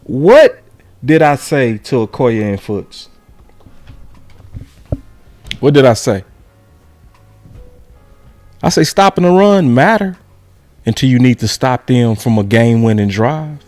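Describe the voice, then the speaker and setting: Male sports host, animated, loud on emphasis, dry close sound. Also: medium pitch, a little slow, long pauses, no echo, faint music behind. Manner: animated, shouts key words, talks to his audience. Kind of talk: casual sports film breakdown.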